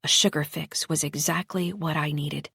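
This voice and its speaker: Low-voiced woman reading a thriller. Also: steady tone, normal speed, creaky, pushed and bright, slightly rough, no room sound. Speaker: audiobook narrator. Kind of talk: scripted narration.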